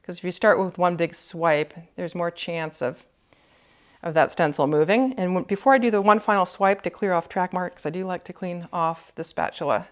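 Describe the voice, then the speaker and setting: Calm woman demonstrating cookie decorating. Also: lowish voice, moderate pace. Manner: calm, explanatory, thinking aloud while working. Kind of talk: step-by-step demonstration.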